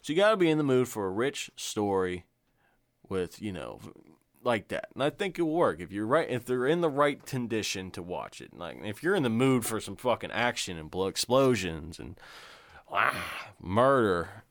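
A man's voice: fairly low pitch, big pitch swings, normal speed, no room sound, studio quality. A man co-hosting a podcast in emphatic, profane casual chat, often checking in with "okay?". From United States. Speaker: podcast co-host.

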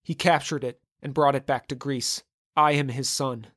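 A man's voice: mid-range voice, steady tone, normal speed, fairly bright tone, close to an everyday voice. Man doing an earnest young Greek hero. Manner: earnest, respectful pleading. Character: young Greek hero, son of a legendary warrior.

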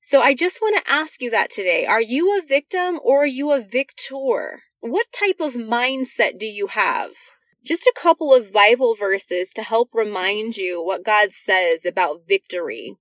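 A woman's voice: a little high, lively intonation, unhurried, a bit bright, no echo. A woman giving an earnest devotional talk to women, reading scripture verses and speaking directly to her listeners with encouragement.

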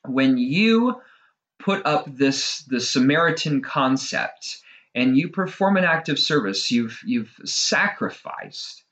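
A middle-aged man delivers a casual, conversational monologue full of self-deprecation, fillers and wry asides. He speaks slowly at medium pitch with big pitch swings and a fairly bright tone, heard through a dull lo-fi recording.

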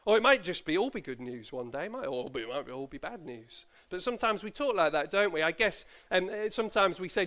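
A man, a pastor, reading scripture and preaching a sermon, playful and lively as he asks children questions. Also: sits high, fairly quick, few pauses. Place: church service.

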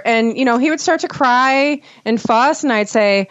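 A woman's voice: fairly high pitch, moderate pace, fairly bright tone, dry recording, muffled recording. A woman, a mother of two, talking in a casual podcast conversation, rambling with lots of fillers and restarts. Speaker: mother of two sharing parenting experience.

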